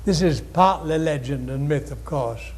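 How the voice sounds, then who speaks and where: A man giving a spiritual lecture, speaking in a deliberate, gently formal way and addressing his audience directly. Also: on the high side.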